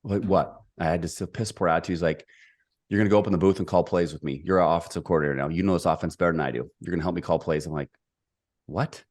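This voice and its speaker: A middle-aged man telling a personal story as a podcast guest, energetic and emphatic. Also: deep voice, very fast. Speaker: podcast guest, executive coach.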